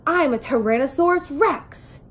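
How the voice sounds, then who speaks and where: A woman's voice: expressive, unhurried. A woman voicing a big, fearsome male Tyrannosaurus who roars his lines in a storybook reading. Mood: roaring. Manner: loud roaring booming lines.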